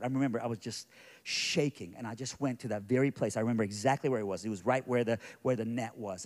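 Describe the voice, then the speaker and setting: The speaker is a middle-aged preacher whose mid-range voice carries a personal story through both hushed, quiet stretches and loud, intense passages.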